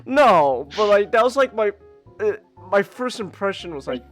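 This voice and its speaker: A man with a fairly high voice chats casually on a stream, giggling often as he rambles. His sentences stall and restart again and again while he hunts for words. Faint music plays behind him. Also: big pitch swings, normal speed, a bit bright. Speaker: streamer hosting a voice chat. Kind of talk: casual chat.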